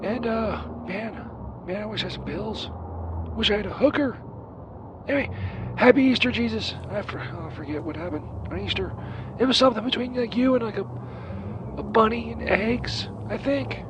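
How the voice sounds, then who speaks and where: In a high-pitched, fairly everyday voice at normal speed, a caller plays a sleazy, foul-mouthed Saint Peter for a comedic phone-in bit. He sounds flustered, rambles and stumbles through ums and uhs, standing outdoors by a church with street traffic audible behind him.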